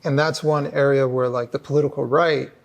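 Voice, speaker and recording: A man's voice: mid-range voice, steady tone, fairly quick, vocal fry. A man, a writer hosting a casual conversation, talking in a reflective, wry way. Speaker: host, writer.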